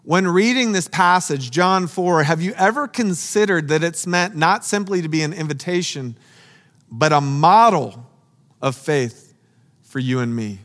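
A man preaching a sermon in a slightly high voice, earnest and emphatic. He takes his time with unhurried, dramatic pauses. His voice rings with the long echo of a large hall. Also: a bit bright.

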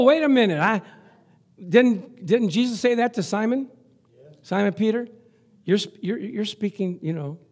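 A male pastor preaching a lively sermon, chuckling often and reading scripture aloud. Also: very high-pitched.

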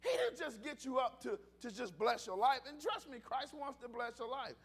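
A man with a strikingly high voice preaches in a loose, conversational way. He talks animatedly, repeats words and starts his phrases over as he goes. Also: very animated, normal speed, husky. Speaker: pastor. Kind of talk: casual sermon.

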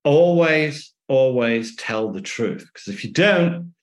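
A man in an echoey room tells stories to his interviewer and slips into the voices of the people he is quoting. His pitch swings widely as he talks, and he sounds bouncy and expressive. His pitch sits in the middle of the range. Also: slow pace. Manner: lively anecdotes, acting out quoted dialogue. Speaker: author and guest. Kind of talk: conversational storytelling interview.

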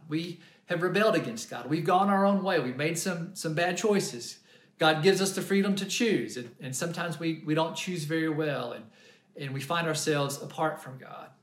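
A man preaching a sermon as a pastor, retelling a parable in an earnest storytelling manner with frequent restarts. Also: fairly high pitch. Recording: roomy echo.

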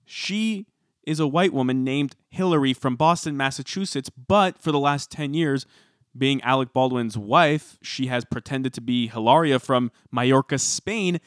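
A man co-hosting a podcast, chatting casually and telling stories with animated emphasis. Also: medium pitch, no room sound, clean studio sound. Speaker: podcast co-host.

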